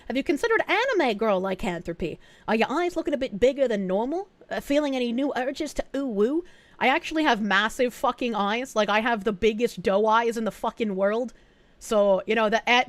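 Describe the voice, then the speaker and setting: A woman streamer in casual chat, reading out viewer messages and thanking donors, swearing often and getting excited. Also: a little high, no echo.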